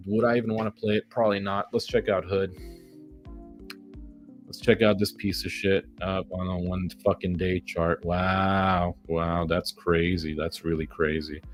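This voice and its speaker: A man giving live commentary on his day trades, ranting at the market with heavy profanity and sarcastic self-mockery. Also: low-pitched.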